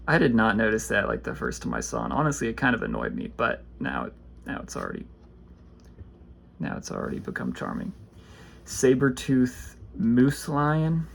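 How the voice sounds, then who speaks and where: A man casually opening trading card packs, reading card names aloud and chatting about them in a rambling, low-key way. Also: huge pitch swings, normal speed, gravelly, slight background noise. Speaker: card pack opener. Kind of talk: casual pack-opening commentary.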